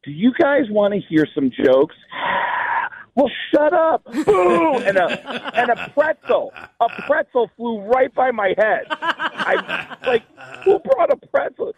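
A stand-up comedian, a man from New York, telling lively stories on a talk show and acting out the people in them. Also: very high-pitched, slow, breathy edge, dull audio. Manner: lively storyteller, voices the people in his anecdotes. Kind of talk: animated storytelling on a talk show.

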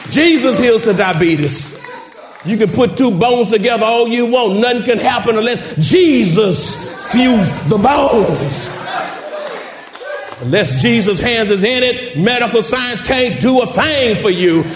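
A man preaching with a very high voice that swoops up and down, calling out to his congregation and breaking into shouts. The sound rings around an echoey church sanctuary. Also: lively intonation, unhurried, some chatter behind, slight background noise. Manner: fervent, calls out to the congregation, rising to shouts. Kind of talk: sermon.

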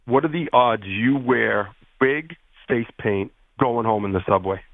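A man's voice: mid-range voice, a little slow, gravelly, dry recording. A man with a Boston accent calling in to a radio show, joking and effusive over a phone line. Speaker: correspondent calling in. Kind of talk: casual radio banter.

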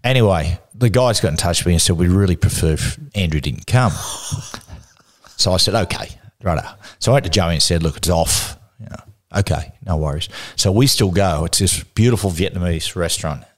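Deep-voiced Australian man telling stories. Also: fairly quick. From Newcastle, Australia. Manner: lively anecdotal, laughs through stories. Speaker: guest. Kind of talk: casual interview storytelling.

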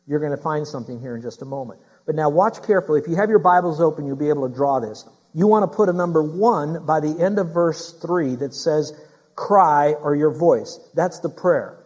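A man's voice: on the high side, lively intonation, fairly quick, darkish tone, breathy edge, poor audio. A middle-aged man preaching a sermon, emphatic and repeating key phrases to his congregation. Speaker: pastor.

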